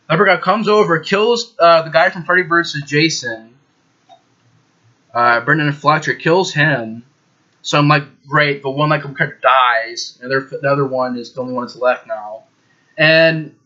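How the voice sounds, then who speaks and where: A man with a bright, forceful voice talks through a movie plot in a casual, rambling way. He leans on emphatic words and frequent fillers, and his voice sits fairly high. The recording is dull and lo-fi. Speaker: movie reviewer. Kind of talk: casual spoken movie review.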